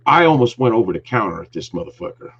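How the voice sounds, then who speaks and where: A man's voice: on the low side, sing-song, fast talker, a bit bright, slight background noise. A man hosting a talk show, telling an angry story with lots of swearing and heat. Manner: profane, heated ranting storyteller. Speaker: podcast host. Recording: dull lo-fi recording.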